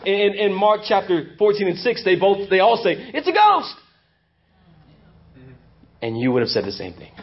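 A male pastor preaching a sermon, swinging between loud emphasis and hushed intensity. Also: medium pitch, dull audio, a little hiss or hum. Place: church.

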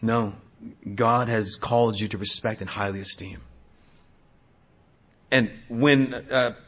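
A man in his thirties, a pastor preaching a sermon, swinging between hushed asides and loud exhortation. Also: lowish voice, steady tone, slow pace.

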